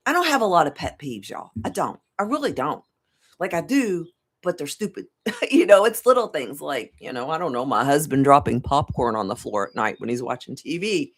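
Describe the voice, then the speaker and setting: A middle-aged woman with a drawl rambles through a casual talk to camera. Her low voice swings up and down a lot, and she laughs and swears freely. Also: big pitch swings, moderate pace, breathy edge. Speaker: tarot reader and life coach.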